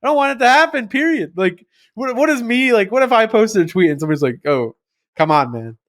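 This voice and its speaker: A man's voice: very high voice, expressive, quick pace. A young man co-hosting a podcast, chatting casually, sarcastic and swearing a lot. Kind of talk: casual chat.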